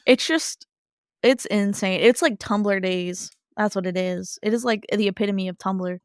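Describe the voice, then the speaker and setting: A woman's voice: medium pitch, unhurried, clean tone, no echo, studio quality. Gushing woman podcast co-host. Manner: gushing, animated, chatty with many fillers. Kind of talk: casual chat.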